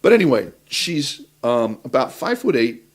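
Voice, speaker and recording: A man's voice: mid-range voice, sing-song, normal speed. A man co-hosting a casual talk show, telling a rambling anecdote with many fillers and restarts. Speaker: talk show co-host, actor.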